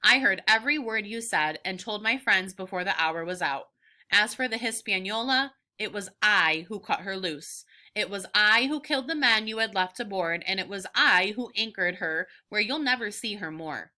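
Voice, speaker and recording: Defiant young boy in a storybook read-aloud, lightly voiced by a woman teacher; very bright, earnest. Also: medium pitch, animated, normal speed. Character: bold young boy defying pirates.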